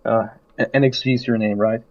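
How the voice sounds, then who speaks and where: Casting: deadpan male panelist, dry humor, lo-fi mic. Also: on the low side, a little fast. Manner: deadpan, self-mocking, hesitant. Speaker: panel guest. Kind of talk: casual podcast chat.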